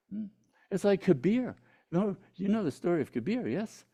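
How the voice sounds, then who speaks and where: A man's voice: sits high, big pitch swings, normal speed, warm tone. A man giving a spiritual teaching talk, telling a story and checking in with his listeners by asking "hmm?".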